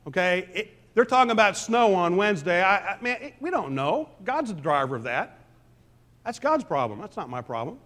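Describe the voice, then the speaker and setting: A pastor preaching a conversational sermon, swinging between loud emphasis and quiet asides. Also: male voice, high voice, very animated, normal speed. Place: church sanctuary.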